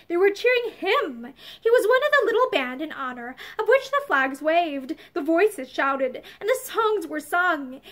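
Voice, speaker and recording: A woman reading an old novel aloud with expressive, lively storytelling. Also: very high voice. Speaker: reader.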